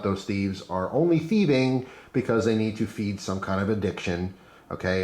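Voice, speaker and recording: A man's voice: fairly low pitch, darkish tone. A man rambling casually as a knife reviewer, chatty and opinionated, with frequent asides. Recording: roomy echo.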